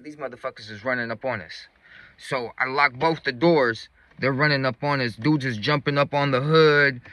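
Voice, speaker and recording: A man with a very bright, sharp-edged voice recounts a story in loose street slang. He jumps into the quoted lines of the other people with a raised voice. The recording is close and dry, with no room sound. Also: mid-range voice, no echo, poor audio. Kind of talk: casual spoken storytelling.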